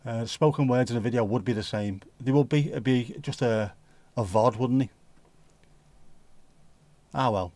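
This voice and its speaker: A man's voice: medium pitch, moderate pace, long pauses, mellow, no room sound. A man with a Scouse accent hosting a livestream, chatting casually in a rambling, jokey, sweary way. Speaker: livestream host. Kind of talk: casual chat.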